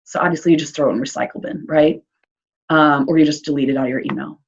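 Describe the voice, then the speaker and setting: A deep-voiced woman talks at a quick pace with a steady tone, slight background noise behind her in a dull lo-fi recording. She's an early childhood social worker presenting to parents, upbeat and encouraging, chatty with fillers and a Midwestern American accent.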